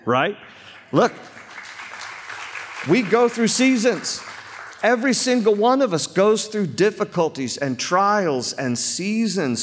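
Preaching pastor in a reverberant hall. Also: male voice, on the high side. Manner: emphatic preaching, voice rising and repeating phrases. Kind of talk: sermon. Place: church sanctuary. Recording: long reverb of a church hall.

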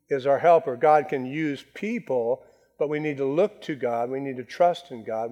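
Guy preaching a sermon, leans hard on the key words, slows right down to hammer them in. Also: mid-range voice, darkish tone. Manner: emphatic preaching, slows down to stress key phrases. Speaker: pastor.

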